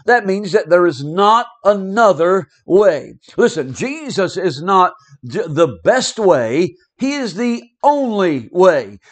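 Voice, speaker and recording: A man preaching a radio sermon, emphatic and repetitive, speaking directly to the listener. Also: sits high.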